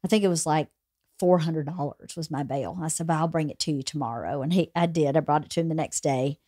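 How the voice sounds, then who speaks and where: A woman's voice: deep voice, a little fast, warm tone, no echo, studio quality. A woman hosting a podcast, telling a personal story in a candid, chatty way. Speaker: podcast host. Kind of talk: casual anecdote telling.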